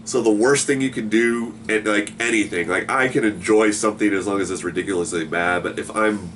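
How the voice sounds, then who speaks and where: A man's voice: fairly low pitch, fairly even intonation, a little fast, fairly bright tone, a little hiss or hum. A man co-hosting a casual chat, easygoing and filling his talk with "like". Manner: easygoing, many fillers, laughs along. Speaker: co-host.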